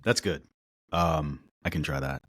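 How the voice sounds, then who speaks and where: A man co-hosting a podcast, rambling through stories in casual chat with an animated, storytelling manner. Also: very deep voice, a little slow, no room sound, studio quality. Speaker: podcast co-host.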